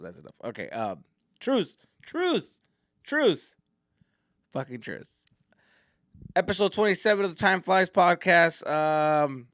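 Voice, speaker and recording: Man, solo podcast host, lively swooping pitch, bright voice, dry close sound. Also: no room sound. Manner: profane, animated, slips into Spanish. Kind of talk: casual solo podcast rant. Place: indoors at home.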